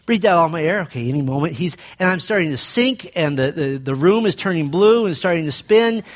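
A man pastor preaching a sermon, telling a personal story and dropping low and quiet to stress his points. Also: expressive, brisk.

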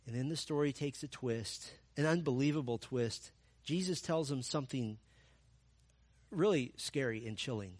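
A man's voice: medium pitch, moderate pace, a little mellow, no echo. A man preaching a sermon, telling the story with rhetorical questions and emphatic repetition. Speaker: pastor.

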